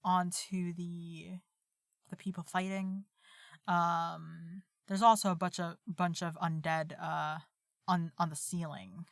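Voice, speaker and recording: A woman's voice: fairly low pitch, little pitch movement, slow pace, gravelly, no room sound, studio quality. A woman playing a tabletop game, talking hesitantly with many fillers. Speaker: player. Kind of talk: casual tabletop play.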